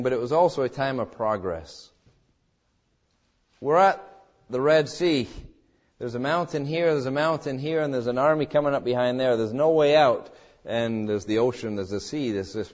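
A man preaching a sermon as pastor, swinging between calm teaching and dramatic, acted-out quoted cries. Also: medium pitch, highs cut off. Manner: preaching with dramatic rises, voicing quoted cries and God's words.

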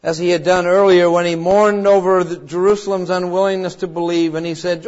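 A high-pitched man preaches with strong feeling. He rises to loud cries, then drops to hushed, low lines. The recording sounds dull and lo-fi. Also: level tone, brisk, hardly any pauses. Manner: emotional, swings between loud cries and hushed low tones; acts out quoted voices in the story. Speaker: pastor. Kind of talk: sermon.

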